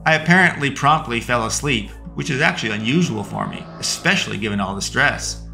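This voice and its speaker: A man narrating a first-person fiction story slowly and deliberately, with long pauses. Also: medium pitch, expressive, gravelly. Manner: slow, measured, with long pauses. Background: faint music.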